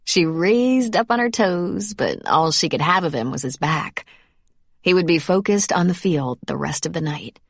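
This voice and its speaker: A woman's voice: fairly low pitch, expressive, normal speed, creaky, no room sound. Woman narrating an audiobook, dry and close. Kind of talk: scripted narration.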